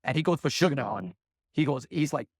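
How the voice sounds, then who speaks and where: A man on a live conference panel, telling a rambling, animated anecdote and acting out the quotes. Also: mid-range voice, quick pace, slightly rough, no echo, studio quality.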